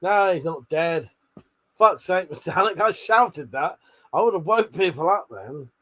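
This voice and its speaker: High, lively, swearing man. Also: unhurried. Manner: swears a lot, laughs often, bantering. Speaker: livestream host. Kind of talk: casual late-night livestream chat with viewers.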